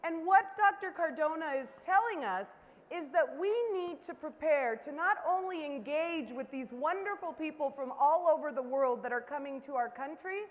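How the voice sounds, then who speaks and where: A woman's voice: sits high, normal speed. A woman giving an interactive keynote at a conference, upbeat and coaxing the audience to call out greetings. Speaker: keynote speaker. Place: large conference hall. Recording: long hall reverb.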